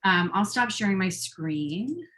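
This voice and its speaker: A woman's voice: mid-range voice, animated, measured pace, fairly bright tone. A woman organizer presenting on a video call, earnest, with many fillers and rising feeling. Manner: earnest, fillers, grows emotional. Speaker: campaign organizer.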